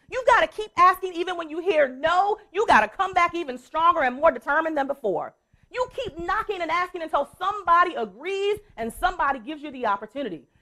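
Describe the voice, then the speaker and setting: A woman motivational speaker and coach on a conference stage, telling a story in an emphatic, repetitive way and calling the audience y'all. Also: extremely high pitch.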